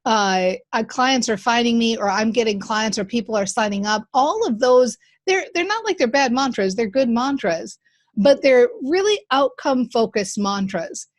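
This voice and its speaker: A woman's voice: fairly high pitch, animated, normal speed. A woman hosting a podcast, coaching her guest with enthusiasm and encouragement, often repeating key phrases. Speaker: podcast host and mindset coach. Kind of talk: coaching conversation.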